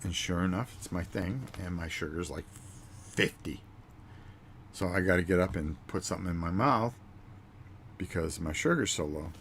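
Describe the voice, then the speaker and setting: A man's voice: deep voice, moderate pace, pauses often, fairly bright tone, a little hiss or hum. A man hosting his own vlog, chatting casually and rambling through a story with fillers and acted-out quotes. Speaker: vlog host. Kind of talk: casual chat.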